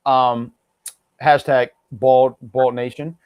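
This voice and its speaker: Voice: medium pitch, flat delivery, slow pace, clean tone, no echo, lo-fi sound. A co-host of a wrestling review show in casual chat, joking around, ranting and laughing often.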